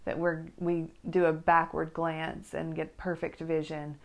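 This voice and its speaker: A middle-aged American woman with a low, gravelly voice. She speaks slowly and reflectively, with frequent pauses. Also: completely flat delivery. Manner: gentle, reflective, hesitant with many ums. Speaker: co-host, wife. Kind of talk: casual chat, poem reading.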